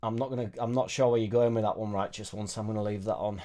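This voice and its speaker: A man's voice: on the low side, fairly even intonation, quick pace, dark tone. A man hosting a casual live stream from a home studio, chatting in a rambling, jokey way and reading out viewer comments. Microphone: suspended studio microphone.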